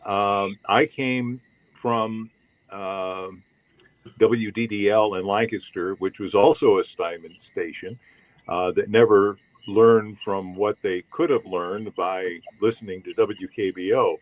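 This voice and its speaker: Older man with a low, dry voice. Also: fairly even intonation, slow pace, no echo, low-quality recording. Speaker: former radio DJ. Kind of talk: casual reminiscing chat.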